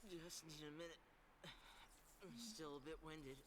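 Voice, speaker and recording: A man's voice: fairly high pitch, fairly even intonation, unhurried, noisy background, close to an everyday voice. An actor playing a tired young male companion in video game dialogue. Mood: weary. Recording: game audio under loud music.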